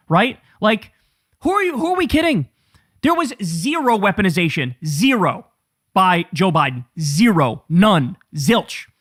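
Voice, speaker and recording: A man's voice: high voice, a bit bright, no echo, studio quality. A man hosting an angry political commentary show, ranting with profanity and sarcasm at clips he plays.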